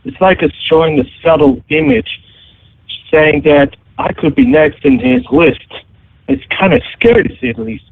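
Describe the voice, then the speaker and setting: A man with a somewhat raised voice calls in to tell a story, hesitant and halting, filling gaps with little sounds. His voice comes over a dry, tinny phone line with no room sound at all. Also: fairly high pitch, sing-song, creaky, no echo. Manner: hesitant, full of fillers. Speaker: caller. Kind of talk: telling a story on a call-in show.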